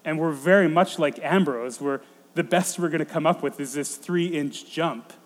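A man in his thirties preaching a sermon, thinking aloud in a halting way with frequent restarts. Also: a little high. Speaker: pastor. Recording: long hall reverb.

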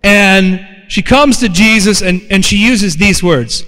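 A man preaching a sermon, animated and calling out to his congregation to respond. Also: sits high, slow, hardly any pauses. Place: church sanctuary. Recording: long hall reverb.

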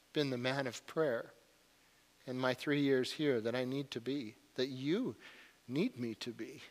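A man's voice: on the high side, fairly bright tone. A man in his forties preaching a sermon as a pastor, earnest and confessional, building to urgency. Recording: long hall reverb.

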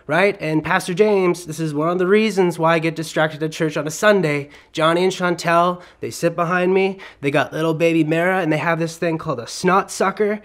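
Male preacher, slightly high voice, lively comic storyteller in a sermon.

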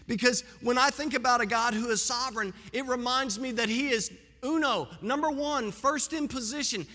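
A man's voice: very high voice, pushed and bright. A man, a pastor, preaching a sermon with emphatic, swelling delivery. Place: church sanctuary. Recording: long reverb of a church hall.

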